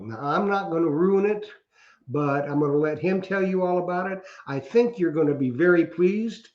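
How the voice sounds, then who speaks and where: Folksy, joking male host with a fairly high voice, recorded in an echoey room on lo-fi audio. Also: darkish tone. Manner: folksy, joking, many fillers. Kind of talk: casual chat. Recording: echoey, dull lo-fi sound.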